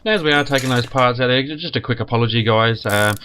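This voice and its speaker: A man with a croaky, sniffly voice from a cold, giving rambling commentary on a car mechanic game as the channel's host. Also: mid-range voice, quick pace, sharp tone. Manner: rambling, repeats and restarts words. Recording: noisy background.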